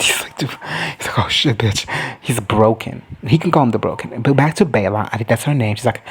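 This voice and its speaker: Casting note: man with a gravelly, husky voice, campy and foul-mouthed recap commentator. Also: medium pitch, a little fast. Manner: profane, campy, slips into mocking quoted voices. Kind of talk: casual reaction recap.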